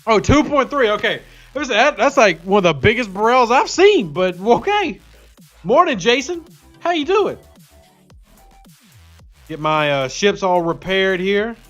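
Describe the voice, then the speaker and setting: Upbeat high-voiced male streamer. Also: very animated, a little slow, long pauses, fairly bright tone. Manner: upbeat, chatty, greets viewers by name. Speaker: game streamer. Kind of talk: casual live-stream chat. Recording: slightly dull lo-fi audio with faint music.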